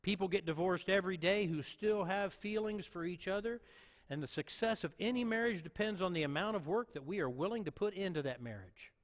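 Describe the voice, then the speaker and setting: High-voiced man preaching in a reverberant space. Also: fairly quick. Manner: earnest preaching with repetitions for emphasis. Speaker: pastor. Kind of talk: sermon.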